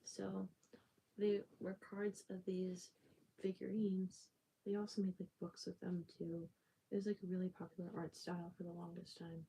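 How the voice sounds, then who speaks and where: A woman's voice: lowish voice, level tone, moderate pace, creaky, slight background noise, rough recording. A woman on a livestream telling a story in casual, rambling talk, full of fillers and self-corrections, sometimes dropping to a near-whisper. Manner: soft-spoken, drifts into near-whispers. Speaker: livestream host.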